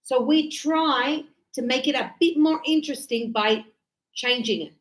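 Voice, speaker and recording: Chatty woman teaching English, high pitch, roomy echo. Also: unhurried. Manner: lively, chatty, acts out everyday dialogues. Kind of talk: classroom English lesson. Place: classroom.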